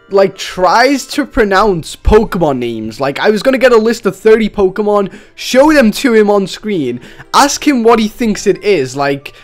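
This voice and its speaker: A man giving chatty, excitable live commentary while he plays a video game as a streamer. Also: high-pitched. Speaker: gaming streamer.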